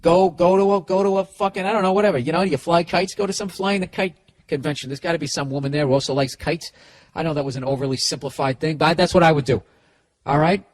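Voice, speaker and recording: Loud, profane, sarcastic male podcast host. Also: on the high side, fast. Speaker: podcast host giving advice. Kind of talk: casual comedic monologue reading listener letters.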